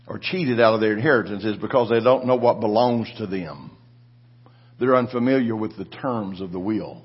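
Husky older man preaching a sermon. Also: mid-range voice, lo-fi sound. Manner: preaching with rising, shouted declarations. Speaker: pastor.

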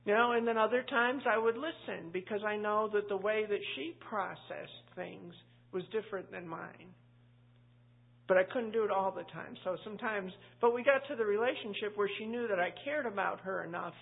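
A woman's voice: mid-range voice, moderate pace, vocal fry, husky. A woman pastor teaching a Bible study in a chatty, anecdotal way, full of asides. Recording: tinny phone-like line.

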